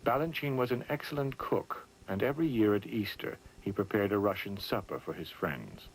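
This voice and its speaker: A man reading scripted documentary narration in a measured, even way. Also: fairly low pitch, slight background noise, rough recording. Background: music.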